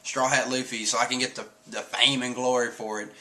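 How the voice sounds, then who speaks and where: A man's voice: medium pitch, little pitch movement, a little fast, bright, forceful tone, natural voice. A man voicing a boastful but cowardly male pirate captain while retelling a comic. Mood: scheming. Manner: pleading and whiny when scared.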